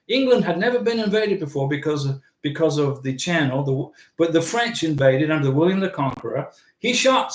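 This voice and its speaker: High-pitched guy rambling on his livestream, reading out chat, lots of room echo. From United States. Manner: rambling, talks back to viewers' chat. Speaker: livestream host.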